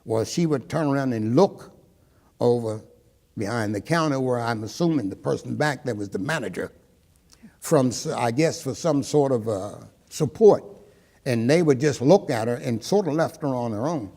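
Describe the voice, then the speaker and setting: A man's voice: medium pitch, lively intonation, moderate pace, dark tone, big-room sound. An older man from Maryland, an interviewee recounting his personal history, who tells his story and often acts out the dialogue he remembers.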